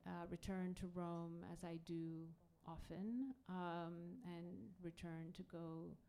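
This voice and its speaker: Panel speaker: middle-aged woman, low-ish warm voice, smooth and clear, reflective with frequent pauses. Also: fairly even intonation. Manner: thoughtful, many hesitations and restarts. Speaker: author on a festival panel. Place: onstage at a public event.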